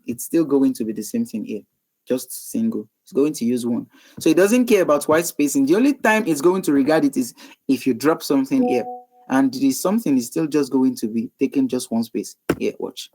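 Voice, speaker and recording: A man walks through web code in a screen-recorded lesson, talking casually as he types. He thinks aloud, pauses on ums and corrects himself as he goes. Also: medium pitch, darkish tone, a little hiss or hum, poor audio. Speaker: web development tutor. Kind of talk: screen-recorded coding tutorial.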